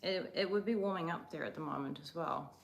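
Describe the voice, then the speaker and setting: A woman's voice: lowish voice, fairly quick, creaky. A young woman from Croatia hosting a casual livestream, chatting in a rambling, oversharing way. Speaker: livestream host. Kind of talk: casual live chat.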